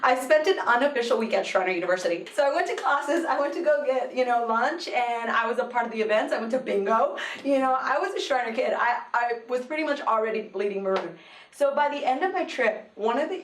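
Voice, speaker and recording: A young woman recounts her story in a relaxed interview, lively and quick to laugh. She acts out the voices of people she quotes. Her voice comes from a distance, with echo from the room around her. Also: fairly high pitch. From Mexican-American home in a colonia. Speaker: interview guest, university employee and alumna. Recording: roomy, from a distant mic.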